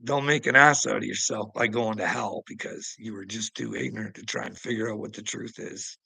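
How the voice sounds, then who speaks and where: Taunting, gravelly-voiced man ranting. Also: steady tone, fairly quick, dry recording, low-quality recording. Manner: taunting, preachy, laughing mockingly, swearing; swings between loud outbursts and low mutters. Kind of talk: ranting monologue to a rival streamer.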